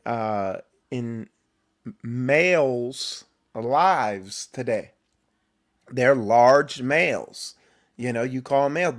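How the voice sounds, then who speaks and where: Slow, emphatic male show host. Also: medium pitch. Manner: emphatic, repeats words, restarts. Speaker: host of a men's faith show. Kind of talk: preachy motivational talk.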